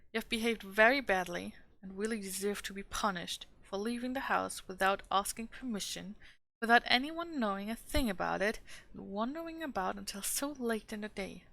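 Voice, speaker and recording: A woman's voice: mid-range voice, normal speed, creaky, fairly bright tone. A woman voicing a strict, stern governess in a storybook read-aloud, speaking with solemn scolding. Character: strict stern middle-aged governess, easily alarmed.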